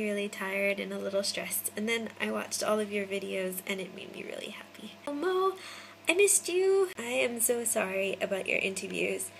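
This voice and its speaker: A woman's voice: mid-range voice, creaky, a bit bright, slight background noise, low-quality recording. A young American woman in her twenties from Hawaii, chatting casually to viewers by name into a phone camera indoors. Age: 20s. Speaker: vlogger.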